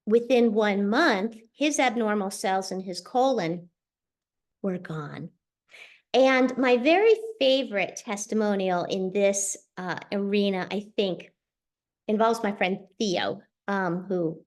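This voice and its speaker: A middle-aged woman hosting a show, telling a personal story in a chatty, animated way over a video call. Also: mid-range voice. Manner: chatty, animated, quick asides. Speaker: host sharing a personal testimonial. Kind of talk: casual storytelling.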